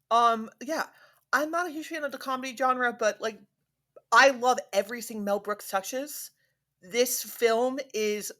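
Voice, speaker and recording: A woman chats as a guest on a podcast, her voice sitting a little high. She talks loosely, with fillers and little laughs between phrases. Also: a bit bright. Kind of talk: casual chat.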